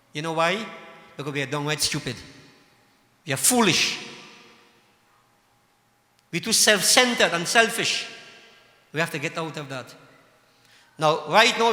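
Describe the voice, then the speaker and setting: A man's voice: high voice, bright, forceful tone. A man preaching a sermon to devotees, scolding and impassioned, full of rhetorical questions. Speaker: religious leader addressing devotees. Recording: echoey hall with long reverb.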